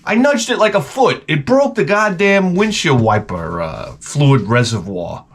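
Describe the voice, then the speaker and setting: A man's voice: fairly high pitch, expressive, measured pace. A hungover man vlogging in a rambling, profane comedic monologue. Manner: rambling, profane, crude humor.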